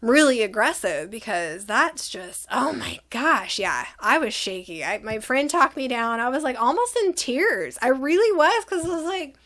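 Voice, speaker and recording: Young woman, high voice, exasperated storytime vlogger who acts out the quotes. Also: normal speed, hardly any pauses. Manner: animated, exasperated retelling with quoted dialogue. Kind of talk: casual storytime vlog.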